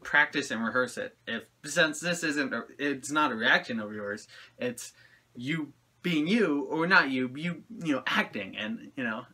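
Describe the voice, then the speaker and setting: A man talking casually to camera in a reaction video, wandering from thought to thought and laughing as he goes. His voice is very bright and sits at an ordinary middle pitch. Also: animated, unhurried, breathy edge. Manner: rambling and friendly, often laughing between thoughts.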